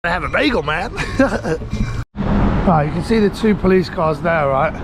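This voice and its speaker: British vlogger man, high voice, chatty and rambling, loud traffic all around. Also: expressive, normal speed. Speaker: travel vlogger. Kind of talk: casual vlog narration. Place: busy city street outdoors. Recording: loud street traffic behind.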